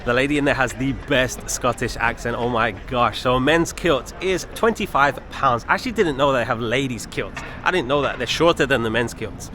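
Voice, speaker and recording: A man's voice: medium pitch, normal speed, few pauses, sharp tone, a little hiss or hum. A man filming a walking travel vlog outdoors on city streets, chatty and enthusiastic, often exclaiming at what he sees. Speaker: travel vlogger.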